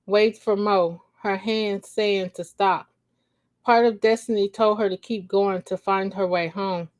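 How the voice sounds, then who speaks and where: A woman's voice: medium pitch, darkish tone. A woman reading her own story aloud on a livestream, stopping often to laugh and chat with viewers in slang. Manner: slow reading broken by laughing asides to chat; uses slang, says y'all. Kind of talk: casual live story reading.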